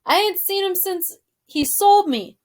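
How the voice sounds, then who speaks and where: A woman voicing a twelve-year-old, half-deaf servant girl who talks loudly in rustic speech in a storybook read-aloud. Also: very high voice, expressive, unhurried, pitched above the performer's own voice. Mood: loud, eager. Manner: shouting, countrified speech.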